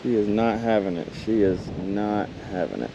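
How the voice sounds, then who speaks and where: A man vlogging as he fishes a creek outdoors, excitedly talking to the fish he catches. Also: on the low side, normal speed, vocal fry, lo-fi sound. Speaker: fishing vlogger. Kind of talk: casual outdoor commentary. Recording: outdoor camera audio with water noise. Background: running water and outdoor noise.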